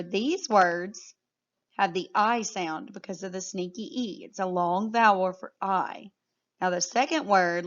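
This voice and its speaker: A woman teaching a phonics lesson to young children, sounding out words clearly and praising often. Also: mid-range voice, highs cut off.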